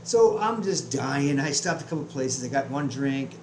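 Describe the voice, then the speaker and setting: A man's voice: mid-range voice, expressive, normal speed, echoey room, a little hiss or hum, rough recording. A man telling a heated, profane story about his day in a casual vlog rant, full of restarts. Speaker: vlogger. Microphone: webcam.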